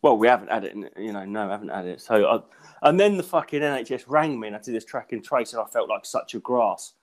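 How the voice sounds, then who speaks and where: A man's voice: fairly low pitch, expressive, fast talker. A man, a stand-up comedian, telling a story in a rambling way, short of breath and coughing, full of restarts and giggles. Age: adult with young kids. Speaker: stand-up comedian and podcast host. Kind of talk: casual storytelling chat.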